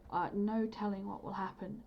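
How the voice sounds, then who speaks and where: Cagey lady thief from the lower town, woman game master doing her, slow, muffled call audio. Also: steady tone, a little hiss or hum, natural voice. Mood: guarded.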